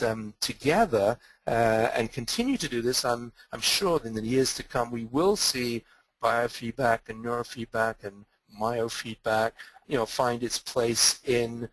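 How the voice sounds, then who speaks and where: A man's voice: medium pitch, no room sound, poor audio. Older man, rambling mid-Atlantic accent. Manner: rambling, hesitant, many fillers and restarts. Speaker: guest speaker. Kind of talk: webinar talk and Q&A.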